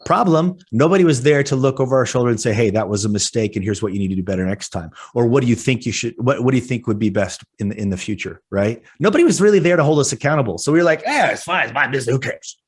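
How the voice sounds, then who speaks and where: Animated storytelling man, podcast co-host. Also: mid-range voice, racing, hardly any pauses, husky. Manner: animated storyteller, acts out his own panicked lines. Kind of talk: casual podcast chat.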